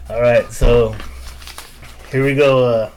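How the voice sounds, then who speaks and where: A man in his forties hosting a casual podcast, talking loosely with plenty of swearing and turning quietly emotional at times. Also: medium pitch, slight background noise. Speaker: podcast host.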